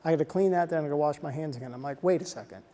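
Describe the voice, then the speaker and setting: A man giving a motivational talk to soldiers, telling stories in an animated way and dropping to a soft hush at emotional moments. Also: fairly high pitch, very fast. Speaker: speaker addressing soldiers. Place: large hall on a military base. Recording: long reverb of a large hall.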